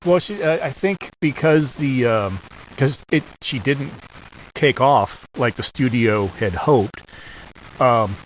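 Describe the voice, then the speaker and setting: A man with a mid-range voice chats through a classic film with his co-host. He talks in a relaxed way, leaning on filler words and chuckling now and then. A faint noise runs under the recording. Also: mid-range voice, slow pace, rough recording. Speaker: podcast co-host. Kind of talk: casual film discussion.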